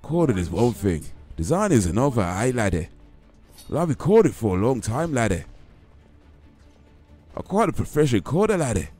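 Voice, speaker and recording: A man voicing a boastful medieval warlord in a gruff put-on Scottish accent, calling people laddie. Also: medium pitch, very animated, moderate pace, long pauses, warm tone, faint music behind, pitched above the performer's own voice. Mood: swaggering.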